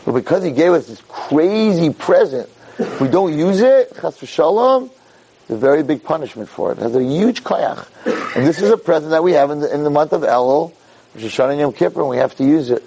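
A man giving a Torah class as an animated storyteller, peppering his talk with Hebrew terms and rising high for emphasis. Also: a little fast, creaky, slightly rough, rough recording.

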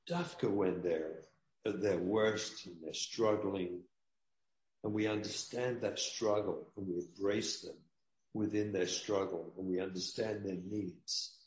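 Earnest low-voiced rabbi, roomy dull sound. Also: male voice, darkish tone. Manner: earnest, preaching, repeats key lines. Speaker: rabbi and parenting guest. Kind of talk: emotional interview talk.

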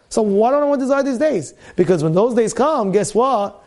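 A man giving a weekly Torah talk as a rabbi, animated, firing rhetorical questions and repeating his phrases. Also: very high-pitched, a little fast.

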